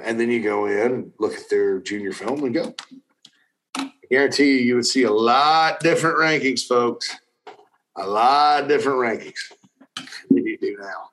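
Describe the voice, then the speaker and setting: A man's voice: medium pitch, fairly bright tone, slight background noise, poor audio. A middle-aged man hosting a casual talk show, answering viewer questions in a rambling way with many restarts and fillers. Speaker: recruiting analyst host.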